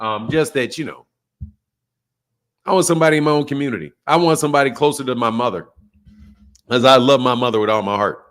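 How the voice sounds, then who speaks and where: A man's voice: medium pitch, quick pace, long pauses, fairly bright tone. A man from the United States hosting a boxing channel, chatting casually on a live stream, boastful and joking, swearing freely.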